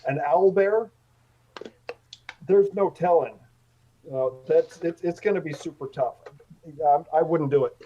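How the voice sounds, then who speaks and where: A man narrating as game master of a tabletop game, talking haltingly with many fillers. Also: fairly high pitch, lo-fi sound, slight background noise.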